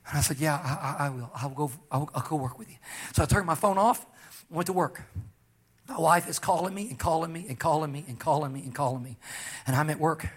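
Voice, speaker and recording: A pastor preaching, telling a personal story and pressing key lines with slow, emphatic rises. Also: male voice, a little high, slightly rough. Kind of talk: sermon testimony.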